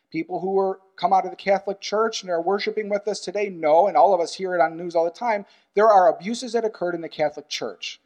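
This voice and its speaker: A male pastor with a voice that sits high preaches a sermon earnestly and emphatically. He repeats key phrases and shifts between loud, urgent stresses and quiet asides.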